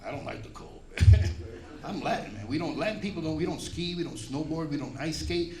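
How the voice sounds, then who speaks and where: In an echoey comedy club filled with crowd noise and laughter, a middle-aged man does a stand-up set of brash, profane punchlines in a New York accent. Puerto Rican by origin, he was raised in the Bronx, New York. His voice runs on the high side, expressive and a little fast.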